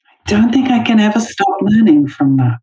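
A woman guest in a casual interview, chatty and quick to laugh, talking about her work as an intimacy director. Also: mid-range voice, big pitch swings, warm tone, reverberant, soft background music, low-quality recording. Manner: chatty, laughs easily, many fillers.

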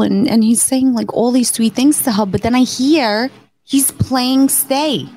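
A woman's voice: a little slow, dry recording, clean studio sound. A woman in her thirties co-hosting a podcast, chatting casually and acting out quotes as she tells a story. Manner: animated storyteller, acts out quotes with sudden high pitch. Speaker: podcast co-host. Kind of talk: casual chat, telling a birth story.

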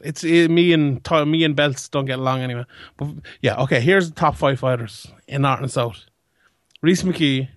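A man's voice: fairly high pitch, dry recording, studio quality. Blunt, swearing man. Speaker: podcast co-host. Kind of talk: casual chat.

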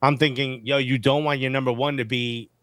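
A man co-hosting a casual sports podcast, animated and joking, using slang, on a studio mic. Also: mid-range voice, fairly quick, no room sound. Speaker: podcast co-host.

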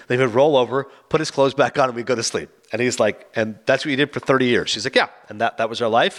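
Animated fast-talking man. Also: mid-range voice. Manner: animated, acts out both characters' lines. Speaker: film reviewer. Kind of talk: casual retelling of a film.

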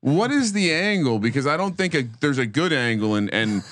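A man's voice: on the high side, sing-song, brisk, fairly bright tone, no echo, clean studio sound. A man co-hosting a sports podcast, riffing emphatically and swearing freely. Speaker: podcast co-host. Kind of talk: casual sports chat.

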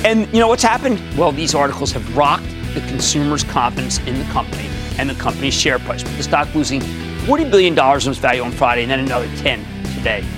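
A man in his sixties hosting a stock market show, delivering commentary and answering callers in an emphatic way, dropping from loud to hushed. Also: medium pitch, expressive, over music. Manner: emphatic, rapid shifts between loud and hushed.

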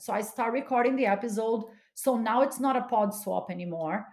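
Animated woman podcaster telling a story. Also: a little high, a little fast. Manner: animated, dramatic retelling with quoted voices. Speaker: podcast host. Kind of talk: casual storytelling monologue. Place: home studio, California.

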